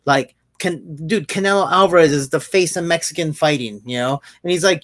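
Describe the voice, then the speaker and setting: A man, a fighter and podcast host, telling stories in a casual chat, animated and swearing freely. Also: on the high side, brisk, dry recording. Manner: animated storyteller, swears freely, many restarts.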